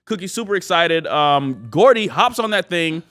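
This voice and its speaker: A man in his thirties recaps a show in casual podcast chat. His voice sits a little high and swings widely in pitch. He keeps bursting into quoted lines from the episode. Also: moderate pace. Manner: animated, acts out quoted lines. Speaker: podcast co-host.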